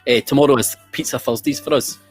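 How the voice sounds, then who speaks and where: A man's voice: mid-range voice, steady tone, fast talker, soft background music. A man around forty, hosting a quiz in casual, sweary banter with restarts. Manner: chatty, sweary, trailing restarts. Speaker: quiz host.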